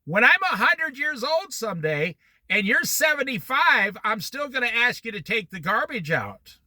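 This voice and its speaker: A man's voice: very high voice, big pitch swings, normal speed, sharp tone, dry recording, pitched above the performer's own voice, exaggerated voice. A man voicing his older mother, a sarcastic woman teasing her grown son in a mock-sweet tone.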